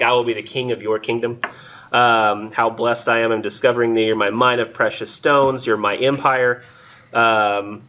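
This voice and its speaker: A college literature instructor talks through old poems, reading lines aloud and then riffing on them with a loose, joking ease. His voice is bright and forceful. The recording sounds dull and lo-fi. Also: mid-range voice. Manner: casual and animated, reading poetry aloud and joking about it. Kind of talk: recorded classroom lecture.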